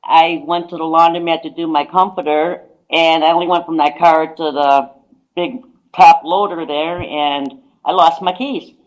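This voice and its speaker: A woman's voice: low-pitched, fairly even intonation, moderate pace, low-quality recording. A woman psychic guest on a radio talk show, casually telling a long anecdote and repeating "I says" as she goes. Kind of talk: casual radio chat, storytelling.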